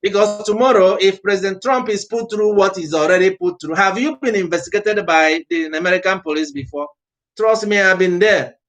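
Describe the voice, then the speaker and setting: Brief: male prophet with an accent, fervent sermon, raised pitch, rushing delivery. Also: a bit bright. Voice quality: non-native-sounding accent, unnamed. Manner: fervent, exhorting, speaks fast by own account. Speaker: prophet preaching. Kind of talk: impassioned sermon.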